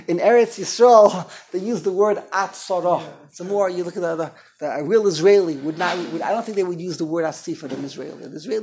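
A man's voice: a little high, creaky, darkish tone, slightly rough. A man teaching an informal Torah class, chatty and digressive, making fun of himself. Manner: digressive, chatty, self-deprecating.

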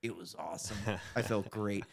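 A man hosting a podcast, telling stories in a casual, animated and profane way. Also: fairly low pitch, moderate pace, vocal fry. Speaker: podcast host. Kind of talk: casual storytelling chat.

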